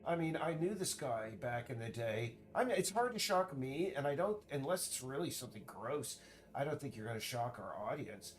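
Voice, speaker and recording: A man streaming, chatting casually in a rambling, halting way full of restarts while he works. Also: medium pitch, sing-song. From United States.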